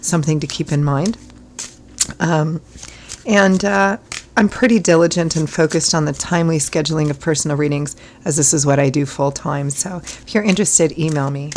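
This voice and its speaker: A hoarse woman from Ireland giving a chatty tarot reading, rambling with fillers and clearing her throat often. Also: low-pitched, normal speed, slight background noise. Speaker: tarot reader. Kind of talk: casual tarot reading talk.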